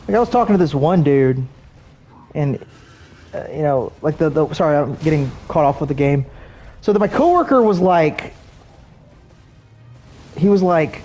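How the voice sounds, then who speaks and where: A man livestreams himself playing a game and rants to his chat in a loose, meandering way. His voice sits a little high for a man. He swears freely and leans on constant filler words. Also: darkish tone. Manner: rambling, profane, heavy on fillers. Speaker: gaming streamer. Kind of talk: rambling livestream chat while gaming.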